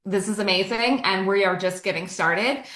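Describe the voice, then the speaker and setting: A woman's voice: medium pitch, moderate pace, fairly bright tone, reverberant. A woman from Canada giving an enthusiastic sales presentation, talking with lots of "um"s and "so"s. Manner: enthusiastic, many fillers. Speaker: business presenter. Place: online presentation.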